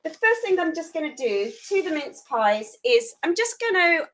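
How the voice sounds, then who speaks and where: A woman's voice: very high voice, sing-song, moderate pace, fairly bright tone, poor audio. A woman hosting a live food photography tutorial, chatty and self-deprecating while she works hands-on.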